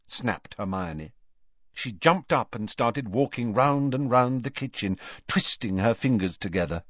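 A man narrates a storybook in a low voice. He reads slowly and expressively, with lots of melody. The recording is dry and a touch dull. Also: dry recording. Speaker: audiobook narrator. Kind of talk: scripted narration.

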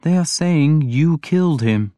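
A man's voice: on the high side, animated, dark tone, no room sound, pitched above the performer's own voice. A man voicing a stern, shrewd king, raised and dry. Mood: measured. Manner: measured and stern. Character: stern, shrewd, mild-spoken male king. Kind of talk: audiobook character voice.

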